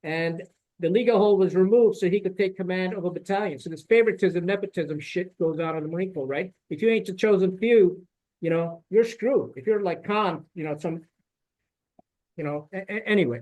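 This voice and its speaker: Blunt, high-voiced middle-aged man. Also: animated, fairly quick, a little mellow, low-quality recording. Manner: blunt, profane and indignant, with frequent fillers and "right?" tags. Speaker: podcast guest, retired military officer. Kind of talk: candid storytelling in a podcast conversation.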